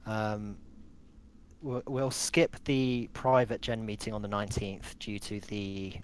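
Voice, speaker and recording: A man hosting a relaxed clan meeting over voice chat, running through announcements with a joking manner. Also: fairly low pitch, slow pace, smooth. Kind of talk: casual online group chat.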